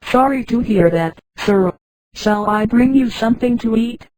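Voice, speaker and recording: A man's voice: extremely high pitch, measured pace, darkish tone, dry recording, poor audio. A synthetic woman's voice reading a courteous waiter. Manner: courteous, says sir. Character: polite restaurant waiter.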